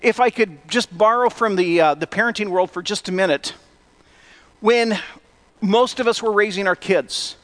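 At a moderate pace, a high-voiced, middle-aged male pastor delivers a relaxed sermon in a conversational tone. Wry jokes at his own expense interrupt it here and there.

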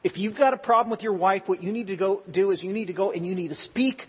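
A man's voice: high voice, fast, breathy edge. A man preaching a sermon in an earnest, exhorting way with joking asides. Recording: reverberant hall, dull lo-fi sound.

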